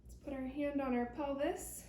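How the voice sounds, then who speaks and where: A young woman leading a pilates workout, giving calm, encouraging step-by-step cues. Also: high-pitched, normal speed, slight background noise. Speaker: pilates instructor. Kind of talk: guided workout instruction. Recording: echoey room, mic at a distance.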